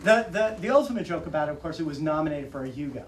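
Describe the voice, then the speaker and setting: A man in his forties, an author speaking casually to an audience at a bookstore, animated and laughing often as he acts out quotes. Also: on the high side, rapid-fire, very noisy. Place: bookstore event room. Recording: roomy audio from far off.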